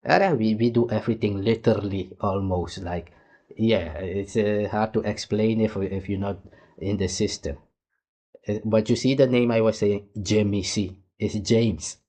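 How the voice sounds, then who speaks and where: A man's voice: on the low side, fairly even intonation, a little slow, warm tone. Rambling man commenting. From Suriname. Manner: rambling and digressive, often trailing off. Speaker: host reacting to a clip. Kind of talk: casual reaction commentary.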